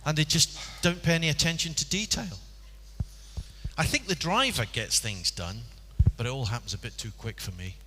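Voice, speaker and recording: A man's voice: fairly high pitch, lively intonation, moderate pace, sharp tone. A man playing a fussy, detail-obsessed office worker in a stage role-play, dry and superior. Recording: audible background noise.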